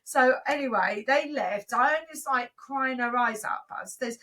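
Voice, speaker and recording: High, bright-voiced woman telling a story. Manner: acts out voices of her crying kids and herself, gets loud and fast. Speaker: podcast co-host. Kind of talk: casual chat, animated storytelling.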